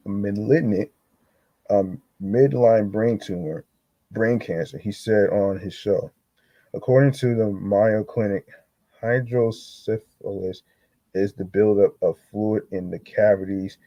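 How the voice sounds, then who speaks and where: A man hosting a solo podcast, choked up and halting, with many fillers and restarts as he talks. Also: fairly low pitch, warm tone, dry recording, poor audio. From New York. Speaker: podcast host.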